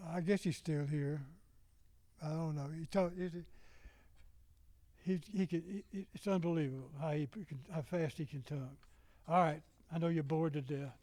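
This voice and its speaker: A man's voice: on the high side, warm tone, dry recording, low-quality recording. An older man with a Southern US accent, a music teacher rambling informally to fellow educators and singing rhythm syllables to demonstrate.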